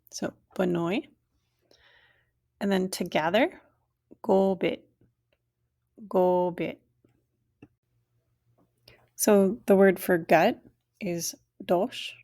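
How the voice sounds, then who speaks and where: A woman teaching a language lesson, saying each word slowly and clearly and then repeating it. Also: medium pitch, darkish tone.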